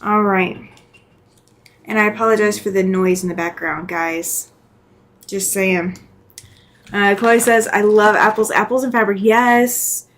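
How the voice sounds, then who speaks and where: A middle-aged woman chatting casually on a live stream as she lays out quilt blocks in her sewing room, reading viewer comments aloud and thinking out loud as she works. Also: medium pitch, fairly even intonation, a little slow, long pauses, rough recording. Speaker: quilting channel host.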